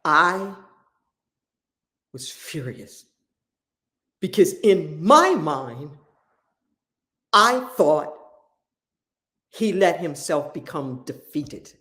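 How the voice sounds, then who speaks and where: A pastor preaches at a slow, deliberate pace, telling a story from the pulpit. The delivery is impassioned, and key phrases come back again and again for weight. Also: medium pitch, very animated, bright, forceful tone. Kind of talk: sermon storytelling.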